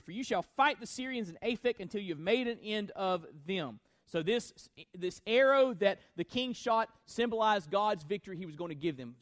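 A man's voice: high-pitched, dry recording. A male pastor preaching a sermon to his congregation, building emphasis and speaking directly to the listeners.

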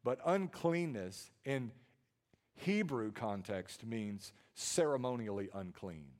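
A man, preaching a sermon with dynamic swings from hushed tones to loud emphasis and frequent repeated words. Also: medium pitch, lively intonation, slow. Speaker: pastor.

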